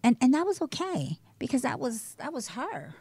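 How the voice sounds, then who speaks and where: Guest, woman, survivor testimony, candid and animated, swings from loud to hushed. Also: sits high, moderate pace, husky, dry recording. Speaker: guest, breast cancer survivor. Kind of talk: emotional personal testimony.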